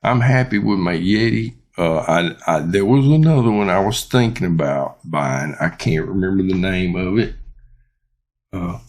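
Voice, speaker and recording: A man with a drawl talks through a product review in a deep, gravelly voice with a husky edge. He takes his time, wandering through his points with plenty of ums and uhs. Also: a little mellow. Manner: rambling and unhurried, many ums and uhs. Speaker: YouTuber reviewing his microphone. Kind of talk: casual unboxing and product review.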